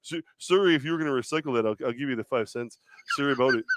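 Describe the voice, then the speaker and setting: A man's voice: mid-range voice, rapid-fire, a bit bright, dry recording, lightly acted. A man putting on a Canadian accent to play a boozy, overly polite male coach who keeps apologizing. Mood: apologetic. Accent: Canadian, as put on.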